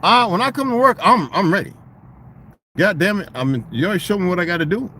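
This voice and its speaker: A middle-aged man in a casual, profane rant, swinging into loud, mocking quotes of other people. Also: high-pitched, lively intonation, fast talker, slight background noise. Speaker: vlogger.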